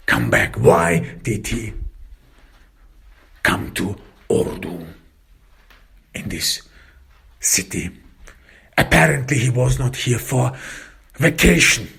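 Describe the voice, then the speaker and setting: A man narrating a first-person detective story, slow, halting and reflective. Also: lowish voice, animated, creaky, fairly bright tone, husky.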